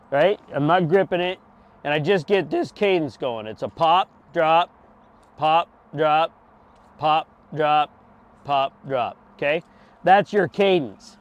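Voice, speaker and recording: A middle-aged man giving a patient, hands-on fishing lesson, often checking in with "okay?" as he demonstrates. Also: fairly high pitch. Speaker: fishing instructor. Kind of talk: outdoor how-to lesson.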